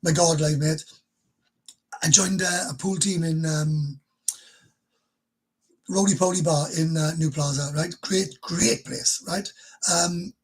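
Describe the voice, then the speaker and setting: Chatty husky Welsh man in his fifties. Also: a little high, fairly even intonation, slow pace, long pauses. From Wales. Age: 50s. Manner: chatty and emotional, laughs between sentences. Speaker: livestream host. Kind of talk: casual livestream chat. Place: bedroom.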